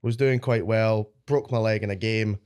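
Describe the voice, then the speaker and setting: A man's voice: on the low side, steady tone, normal speed, darkish tone, smooth. A young adult man with a Scottish accent, a guest on a podcast, telling stories in a chatty, rambling way and swearing freely. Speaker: guest powerlifter. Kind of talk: casual podcast chat.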